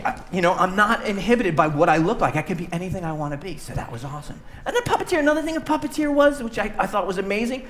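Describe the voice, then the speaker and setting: A man, a puppeteer, giving an animated, playful talk to a young audience on an auditorium stage. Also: sits high. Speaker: puppeteer and speaker.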